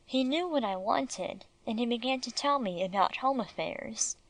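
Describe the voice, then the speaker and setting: A woman reading a children's classic as an audiobook narrator in measured storytelling. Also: a little high, lively intonation, poor audio. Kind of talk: scripted narration.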